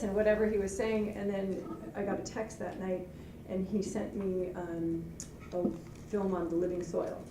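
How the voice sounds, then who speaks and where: A woman's voice: mid-range voice, little pitch movement, moderate pace. Nervous eager woman, echoey distant sound. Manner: eager, rambling. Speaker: student, school garden founder. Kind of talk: sharing in class. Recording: echoey room, distant, noisy.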